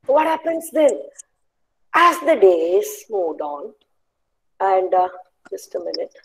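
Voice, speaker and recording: A woman telling a children's story in an online webinar, animated and chatty with many "you know"s. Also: mid-range voice, slow, creaky, low-quality recording. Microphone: video call.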